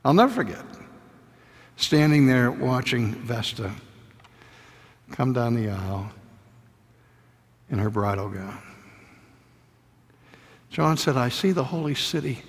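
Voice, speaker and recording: An older man preaching a sermon, telling stories intimately and sometimes dropping to a soft whisper. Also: mid-range voice, expressive, takes it slowly, pauses often, long reverb tail.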